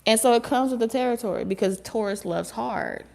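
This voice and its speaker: A woman giving a casual tarot reading, talking in an animated, joking way with frequent laughs and casual swearing. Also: fairly high pitch, a little fast, gravelly. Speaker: tarot reader.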